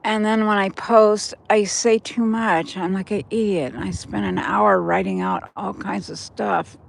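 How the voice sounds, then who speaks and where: Filming on a handheld phone while walking outdoors by a river in the cold, an older vlogger chats rambling to her viewers. She speaks at a measured pace in a medium-pitched, creaky voice with fairly even intonation.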